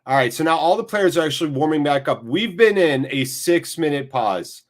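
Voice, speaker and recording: A man's voice: on the high side, expressive, normal speed. A man hosts a casual live football watchalong while running a fever. He rambles, swears offhandedly and pokes fun at himself. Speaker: livestream host.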